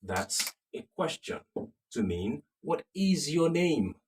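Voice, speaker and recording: A man teaching a recorded beginner French lesson, patiently repeating phrases slowly and checking in with the viewer. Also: a little high, sing-song, distant mic.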